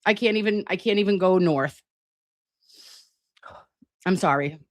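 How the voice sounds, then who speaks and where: A woman's voice: medium pitch, unhurried, dry recording. A woman hosting a casual livestream from home at her laptop, chatty and profane, calling her viewers lovies and babes. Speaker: livestream host. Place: home, at a laptop with air conditioning running. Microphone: laptop setup.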